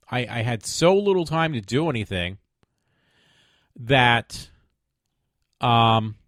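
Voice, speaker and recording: A man's voice: mid-range voice, no room sound, clean studio sound. A man hosting his own web show from home, chatting casually with lots of fillers, rambling asides and sarcastic mock pleading. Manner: rambling, many fillers and trailing off. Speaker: podcast host. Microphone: desk microphone at home.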